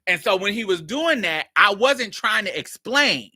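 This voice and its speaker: A woman podcast host telling a personal story in a blunt, profane, animated way. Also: medium pitch, measured pace, slightly rough, no echo, clean studio sound. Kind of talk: casual storytelling.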